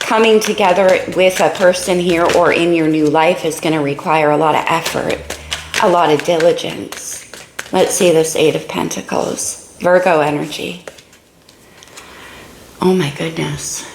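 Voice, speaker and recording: Creaky-voiced woman reading tarot. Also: lowish voice, steady tone, a little slow, roomy sound, noisy background. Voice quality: creaky morning voice. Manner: musing and exclamatory, thinking aloud over cards. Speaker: tarot reader. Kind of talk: casual tarot reading to camera.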